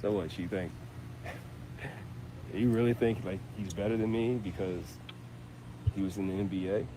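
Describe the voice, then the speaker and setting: An actor playing a petty, jealous ex-boyfriend in a comedy skit, mocking and probing. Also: male voice, on the low side, fairly even intonation, unhurried, noisy background, natural voice.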